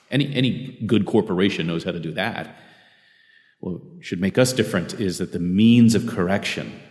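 A man's voice: sits low, a little mellow, big-room sound. A man preaching a sermon to a group of brothers, earnest, often restarting his phrases. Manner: earnest, self-correcting with repeated restarts.

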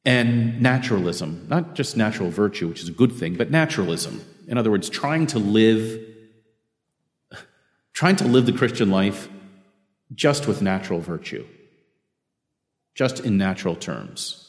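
A man's voice: fairly low pitch, very animated, a little slow, pauses often, big-room sound. A man preaching a sermon to a group of brothers, earnest, often restarting his phrases. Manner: earnest, self-correcting with repeated restarts.

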